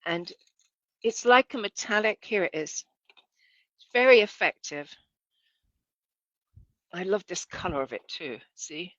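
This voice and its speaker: A woman's voice: lowish voice, expressive, measured pace, pauses often, no echo, muffled recording. A woman giving a casual, chatty demonstration lesson as a sewing instructor, correcting herself and asking viewers to look.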